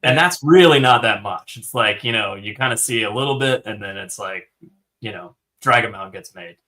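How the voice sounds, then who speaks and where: A man co-hosting a podcast, chatting excitedly about a fantasy book, swearing often and filling his talk with "like". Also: lowish voice, normal speed. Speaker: podcast co-host. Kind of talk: casual book discussion.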